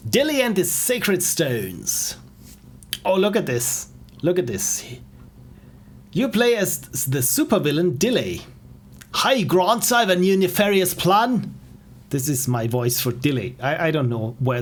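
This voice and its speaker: A man casually commenting while playing indie games on a stream, enthusiastic and self-deprecating. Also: on the high side. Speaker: game streamer.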